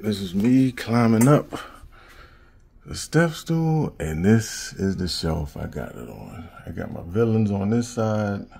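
A man chatting casually while showing off his toy collection at home, joking and slangy and quick to laugh. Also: sits low, gravelly, mellow, husky. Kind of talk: casual unboxing chat. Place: home collection room with shelves.

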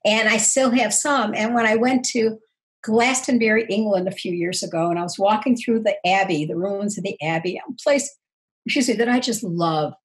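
An older woman, a counselor guest on an interview, talking earnestly and reflectively about her personal growth, with soft laughs. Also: mid-range voice, moderate pace, poor audio. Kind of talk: interview conversation.

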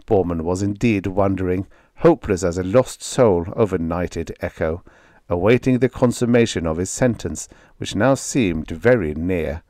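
A man narrating a vintage science fiction audiobook in an expressive, dramatic storytelling manner, close on a studio mic. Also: sits low, dry recording.

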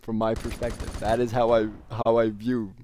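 A man's voice: medium pitch, little pitch movement, moderate pace, darkish tone, slight background noise. A man doing casual gameplay commentary as a gaming YouTuber, rambling and ranting with plenty of profanity.

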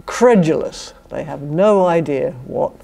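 An older woman from Britain, a philosophy professor with a British accent, gives an academic lecture to a university society in a low, gravelly voice with a warm tone, a little slow. She is wryly funny and chuckles through asides.

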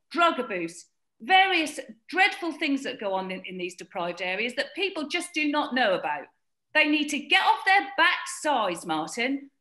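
A woman from Britain argues emotionally for fishing communities, circling back on her words as feeling takes over. Her voice sits high and swings widely in pitch. It is heard with a noticeable room echo. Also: bright, forceful tone. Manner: emotional, repeats herself, pleading. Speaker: fishing industry campaigner. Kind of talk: impassioned guest commentary. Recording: roomy echo.

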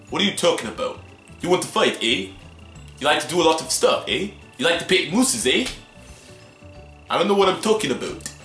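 A man's voice: a little high, sharp tone. A man voicing a rambling, pushy Canadian man in a put-on Canadian accent. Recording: roomy, faint music.

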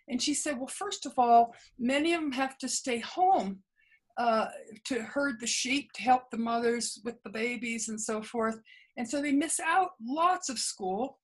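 A woman speaks unhurriedly in a fairly high, husky voice, captured in a low-quality recording. She's an interview guest and memoir author, earnestly recounting her experiences conversationally, acting out dialogue and often restarting small phrases.

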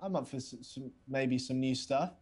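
A man's voice: mid-range voice, normal speed, a little mellow, slightly rough, lightly acted. An actor playing a hesitant, polite young man on a video date, often stammering and restarting. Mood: eager. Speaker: player character on video dates.

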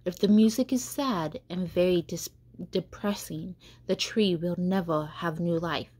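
A woman catechist reading a children's story aloud, slow and careful, with small stumbles. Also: lowish voice, darkish tone, husky.

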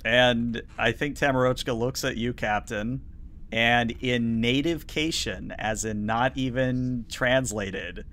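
A man's voice: mid-range voice, slow, fairly bright tone, slight background noise. Man narrating as game master. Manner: descriptive, with frequent fillers.

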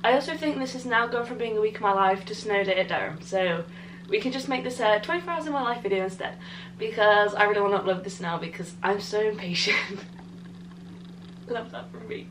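A woman's voice: medium pitch, lively intonation, moderate pace, a little hiss or hum. A young woman in a student bedroom chatting casually to her handheld camera, bubbly and giggly. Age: young adult. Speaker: student vlogger. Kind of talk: casual vlog chat to camera. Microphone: handheld compact camera.

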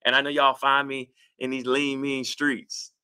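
Passionate, bright-voiced man hosting advice talk. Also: mid-range voice, unhurried, smooth. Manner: passionate, animated preacher-like delivery. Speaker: relationship advice host. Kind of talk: livestream talk reading viewer comments.

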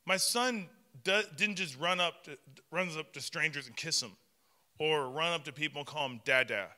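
A man in his thirties, a pastor preaching a sermon and telling family stories in an animated way with playful acted quotes. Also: on the high side, normal speed, big-room sound.

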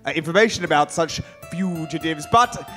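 A man voicing a sly tailor with a put-on Italian accent, speaking haltingly with long pauses. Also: a little high, fairly bright tone, faint music behind, pitched below the performer's own voice, natural voice. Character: hesitant scheming male tailor.

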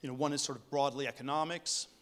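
A man giving a conference keynote speech, talking in a halting way with many restarts and fillers. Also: medium pitch, fairly even intonation, fairly bright tone. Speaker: keynote speaker. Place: hotel conference room.

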